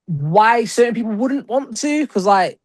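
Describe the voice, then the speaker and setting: A man's voice: high voice, expressive, dry recording. A young British man, a wrestler, chatting casually in an interview, rambling with lots of "like" and short laughs. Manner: rambling, heavy use of "like", quick laughs. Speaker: guest wrestler.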